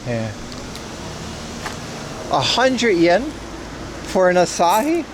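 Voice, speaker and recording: Pitched high and swooping wildly, a young man's voice moves slowly as he walks town streets hosting a livestream. He chats casually and jokingly with viewers in a wry, rambling way, with background noise behind him.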